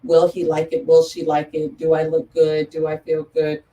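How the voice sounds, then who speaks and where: A woman guest speaks earnestly in a lowish, mellow voice and repeats her key phrases for emphasis. She sounds a bit far from the mic. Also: monotone, moderate pace. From Metro Atlanta area. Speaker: guest, photographer and business owner. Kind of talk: interview talk.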